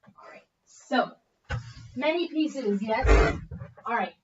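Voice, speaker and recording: Young woman, bright higher voice, encouraging music teacher; recorded from a distance in an echoey room, slightly dull sound. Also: expressive, slow, very noisy. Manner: upbeat, coaching with frequent okay checks. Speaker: bassoon teacher. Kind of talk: encouraging one-on-one music lesson.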